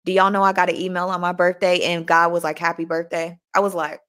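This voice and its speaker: A young woman hosting a motivational live chat, animated and talking straight to her listeners, often repeating herself. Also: lowish voice, quick pace. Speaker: host.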